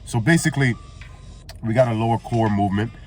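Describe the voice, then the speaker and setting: A fitness trainer with a medium-pitched, slightly mellow voice gives a laid-back workout lesson at a slightly quick pace, with faint music behind him. He sounds congested from allergies and often caps lines with "man" and "all right?".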